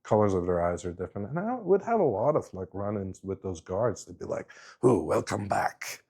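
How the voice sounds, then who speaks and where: A man's voice: low voice, sing-song, a little fast, dark tone. A middle-aged man telling a story in a casual, rambling way, often restarting his sentences. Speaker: guest speaker.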